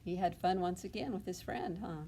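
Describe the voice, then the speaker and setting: A woman's voice: on the low side, normal speed, dark tone, a little hiss or hum. A woman reading a picture book aloud at a library storytime, asking the children questions and adding coaxing "huh?" tags.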